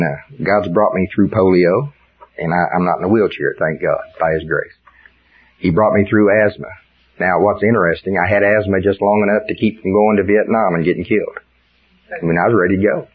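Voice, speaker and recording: A man's voice: lowish voice, husky. Older man preaching, fervent folksy sermon. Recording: dull lo-fi sound.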